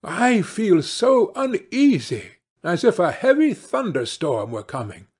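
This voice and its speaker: A man's voice: sits high, wildly swooping pitch, measured pace, husky, voice pushed up, full character voice. A man voicing a guilt-ridden, fearful stepmother in a fairy tale, talking in a fretful, pleading way.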